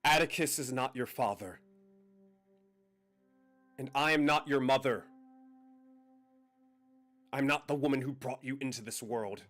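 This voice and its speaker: Casting: man as a guilt-torn mother, halting and raw, soft guitar under it. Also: mid-range voice, lightly acted. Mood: grave. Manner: halting, breaks into pleading outbursts. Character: guilt-ridden middle-aged mother, anguished.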